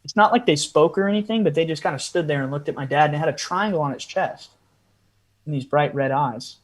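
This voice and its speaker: A man's voice: on the high side, fairly quick. A man, a podcast guest, telling a long story in a casual interview style with frequent asides.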